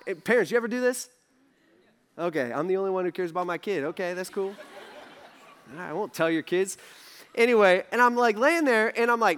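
A man's voice: high-pitched, brisk, fairly bright tone, smooth. A young man giving a casual sermon, telling stories in a chatty way, acting out people's words with lots of fillers. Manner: chatty, acts out characters in quotes, lots of fillers. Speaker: pastor.

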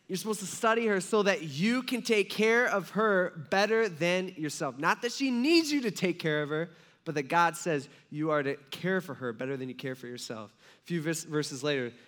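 A man's voice: high voice, pushed and bright. A man preaching a sermon as a pastor, telling a story in a casual, joking way with many asides.

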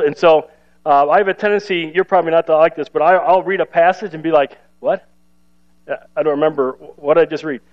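High-ish guy preaching a laid-back sermon, jokey asides, kinda dull lo-fi sound. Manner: conversational and self-deprecating, playful asides. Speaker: pastor. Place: church service.

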